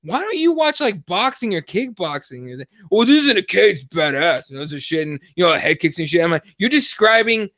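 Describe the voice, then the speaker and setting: High voiced guy cursing a lot, telling fight stories on a podcast, dead dry mic. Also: brisk, hardly any pauses, dry recording. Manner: profane, animated storytelling. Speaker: podcast co-host. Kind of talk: casual chat.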